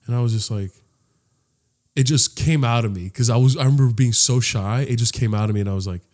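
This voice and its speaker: A man's voice: mid-range voice, quick pace. Young man, podcast co-host, casual comedic storytelling, acts out the voices, swearing freely. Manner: animated, acts out voices in his stories.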